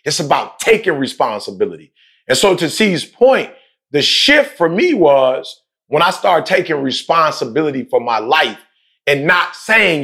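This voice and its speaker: A man's voice: a little high, a little slow. A man speaking emphatically in a casual, slangy way, telling a personal story and repeating points for emphasis. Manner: emphatic, repetitive, slangy, animated. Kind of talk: passionate conversational storytelling.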